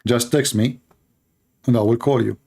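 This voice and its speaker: A man's voice: medium pitch, fairly even intonation, moderate pace, vocal fry, warm tone, breathy edge. A man hosting a channel, giving mocking, emphatic commentary over clips. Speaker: channel host.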